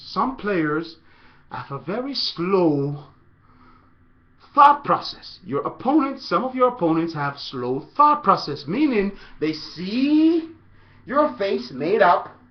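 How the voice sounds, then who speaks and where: A man coaching soccer in a casual video tutorial, playful and animated, breaking into loud shouts. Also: sits high, muffled recording.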